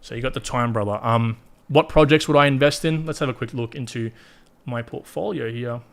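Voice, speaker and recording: A man's voice: medium pitch, brisk, gravelly. A man with an Australian accent hosting a live stream, talking casually and bluntly to his viewers with plenty of swearing. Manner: chatty, blunt and profane, talks straight to viewers. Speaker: crypto livestream host. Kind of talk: casual livestream commentary.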